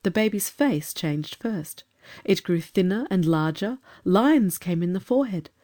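A woman reading a storybook aloud as narrator, measured and expressive. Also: fairly low pitch. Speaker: audiobook narrator.

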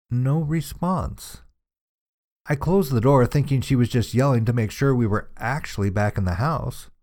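Male storyteller with a mid-pitched voice, measured suspenseful delivery for spooky narration. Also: darkish tone. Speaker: narrator of listener-submitted ghost stories.

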